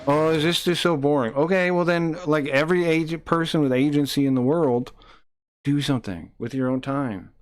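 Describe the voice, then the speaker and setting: A man's voice: a little high, normal speed, no room sound. A man live-streaming who reads chat messages aloud and taunts a viewer in a combative way.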